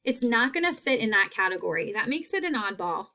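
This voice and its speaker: A woman teacher giving a phonics lesson, repeating each word slowly and clearly. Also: on the high side, sing-song, pushed and bright.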